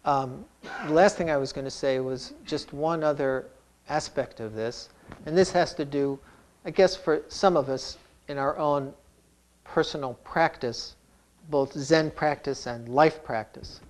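A man gives a Zen dharma talk in an unhurried, reflective way, now and then breaking into gentle humor. His voice sits a little higher than most men's. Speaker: Zen teacher.

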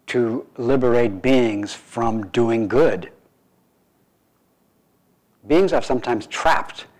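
A man, a meditation teacher, giving a relaxed dharma talk to a group with playful, wry asides. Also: medium pitch, rough recording.

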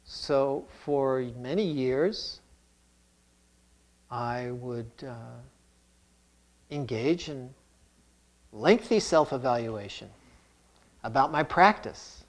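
A man who teaches Zen, giving a calm, reflective dharma talk with touches of humor. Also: mid-range voice, extremely slow, long pauses.

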